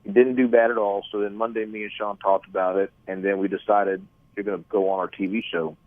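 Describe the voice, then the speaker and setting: A middle-aged man with a Texan drawl tells wrestling stories in a lively, stumbling way, doubling back on his words. His voice sits low, and it comes through a thin, tinny phone line with no room sound. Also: a little fast, no echo. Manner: animated anecdotes with repeated words and restarts. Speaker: wrestling promoter and trainer. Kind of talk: phone interview storytelling.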